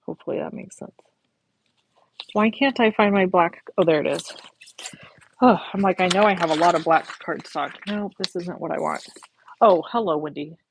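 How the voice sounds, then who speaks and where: Gravelly and fairly low, this woman's voice moves at an ordinary pace but breaks into long pauses, over a slight hiss or hum. Crafting cards live, she talks casually with viewers, reads their comments out loud, and throws in a bit of cursing.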